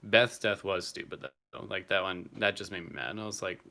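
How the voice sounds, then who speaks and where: A man's voice: sits low, steady tone, moderate pace, bright, forceful tone. A young man casually chatting on a livestream, answering viewers by name and swearing now and then. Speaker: streamer reading live chat.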